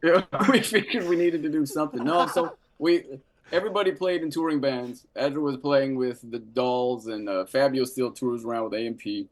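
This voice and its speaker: A man's voice: mid-range voice, moderate pace. A middle-aged man from Florida with a Southern American accent, a band member joking and chatting casually in an interview over a video call. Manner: laid-back, joking, laughs often.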